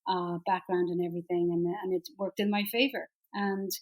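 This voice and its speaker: A middle-aged Irish actress chatting as an interview guest, lively and quick to laugh. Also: female voice, on the low side, low-quality recording. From Ireland. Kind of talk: casual interview chat.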